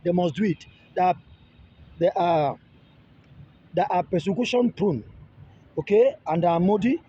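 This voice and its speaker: A man talks through a loose teaching monologue, high-pitched yet dark and husky in tone. He circles back on his own words, restarting phrases as he goes. The audio is dull and lo-fi. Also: animated, a little slow. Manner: repetitive, restarts phrases, pleads with viewers. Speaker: relationship video creator.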